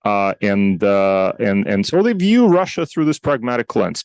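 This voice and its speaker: A man's voice: on the low side, big pitch swings, brisk, creaky, hardly any pauses, darkish tone, no echo, poor audio. A man speaking on an academic conference panel, talking in a conversational way with frequent restarts and rhetorical questions.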